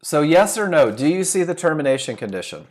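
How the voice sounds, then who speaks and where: Animated man teaching a trading webinar. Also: fairly high pitch, brisk. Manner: emphatic, rhetorical questions, repeats key phrases. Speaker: trading instructor.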